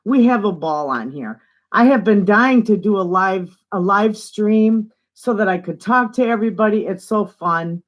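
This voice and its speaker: An older woman from northern Michigan, USA, chats on her homestead live stream from home, away from the living room, greeting viewers and reading their comments aloud. She speaks at medium pitch, animated, at a moderate pace.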